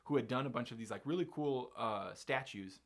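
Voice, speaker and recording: A man's voice: mid-range voice, fairly quick, fairly bright tone. A man hosting a podcast, telling a long story in a casual, rambling way with lots of fillers and restarts.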